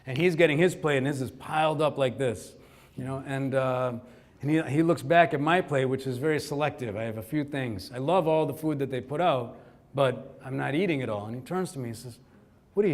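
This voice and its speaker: A man's voice: medium pitch, brisk. A middle-aged man from Kerala, India, telling a personal story to a conference audience, acting out the quotes. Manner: animated storytelling, acts out quotes. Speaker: conference speaker. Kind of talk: storytelling keynote talk.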